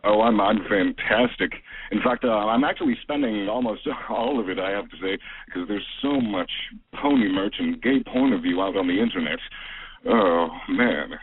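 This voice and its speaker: Male radio caller, lowish voice, eager and halting, tinny phone line with faint hiss. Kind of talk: casual call-in chat.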